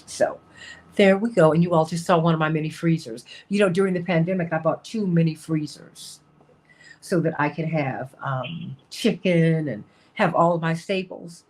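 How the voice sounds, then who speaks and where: Husky american woman host, chatty and emphatic, repeats herself, laughs a lot. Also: deep voice, moderate pace, a little mellow. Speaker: talk show host. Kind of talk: casual talk show monologue.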